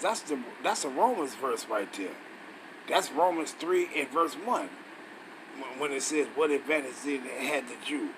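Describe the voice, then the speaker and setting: A man's voice: mid-range voice, animated, normal speed, noisy background. A man teaching scripture in a loose, casual way, reading passages aloud and breaking off with blunt, profane comments and rhetorical questions.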